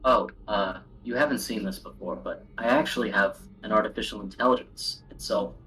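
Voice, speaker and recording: A man playing a tabletop game, talking casually and hesitantly, with many pauses. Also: fairly low pitch, pushed and bright, faint music behind, poor audio. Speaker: player.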